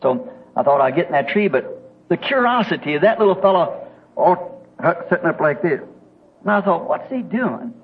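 A man's voice: on the high side, animated, a little fast. A man with a Southern American accent, telling a folksy, homespun story in a sermon, chuckling as he goes. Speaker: preacher. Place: church meeting. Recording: tinny lo-fi old tape with faint hiss.

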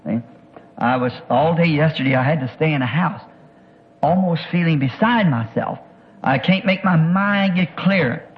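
A man's voice: on the high side, a little hiss or hum. A man preaches a sermon testimony. He speaks earnestly, stumbling over and repeating words as he searches for what to say. The recording is dull and lo-fi, like an old tape.

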